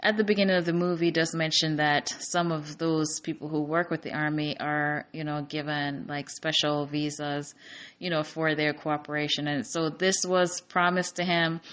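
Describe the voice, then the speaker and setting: A woman's voice: low-pitched, fairly bright tone. A woman casually recapping a war movie's plot, chatty, with many fillers, restarts and emotional asides. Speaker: movie reviewer.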